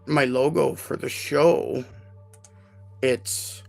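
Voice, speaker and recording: Very gravelly-voiced man telling stories. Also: mid-range voice, extremely slow, soft background music. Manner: emotional, animated retelling with many fillers. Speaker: podcast host. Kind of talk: casual live podcast storytelling.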